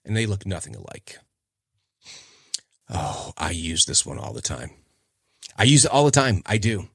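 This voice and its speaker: A man's voice: deep voice, big pitch swings, normal speed, creaky, a bit bright, slightly rough, dry recording, studio quality. A man in his forties hosting a casual solo podcast, chatty and rambling, often trailing off while he searches for names. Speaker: podcast host.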